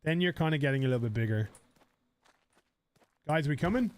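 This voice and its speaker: A man's voice: fairly high pitch, expressive, fairly quick, a little hiss or hum. A man streaming a game live, chatting casually with viewers, rambling and swearing.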